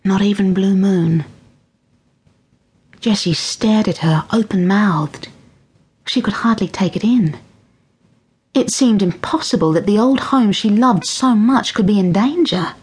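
A woman narrating a children's audiobook with expressive storytelling. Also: mid-range voice, a little slow, slightly rough. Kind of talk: scripted narration of a children's book.

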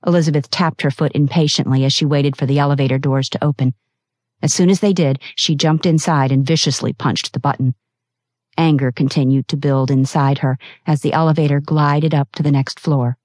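A woman narrating a novel as an audiobook, reading in a steady, expressive way. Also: deep voice, a little fast, no echo, studio quality. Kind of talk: scripted narration.

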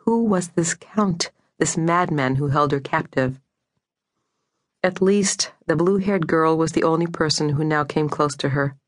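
Woman audiobook narrator, measured and deliberate, very slow, dry close-miked studio sound. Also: deep voice, no echo. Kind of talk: scripted narration. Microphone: close studio mic.

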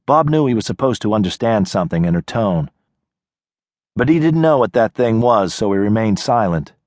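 A man giving measured scripted narration of a short story in an audiobook, on a close studio mic. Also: lowish voice, lively intonation, darkish tone, no room sound.

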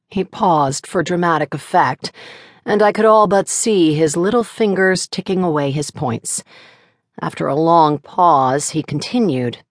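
Woman reading a novel aloud, low voice, even pace, dead dry booth sound. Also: a little slow, no room sound. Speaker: audiobook narrator. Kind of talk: first-person novel narration.

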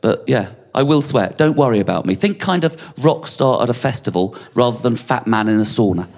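Lively, animated male stand-up comedian. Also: medium pitch. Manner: animated, self-mocking storytelling with quick asides to the audience. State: sweating on stage. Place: comedy venue with a live audience.

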